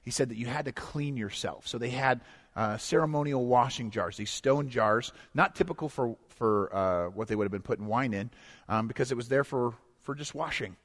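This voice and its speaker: A man preaching a sermon as pastor, swinging from hushed to loud and emphatic and acting out quotes. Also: mid-range voice, normal speed. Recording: long echo of a large hall.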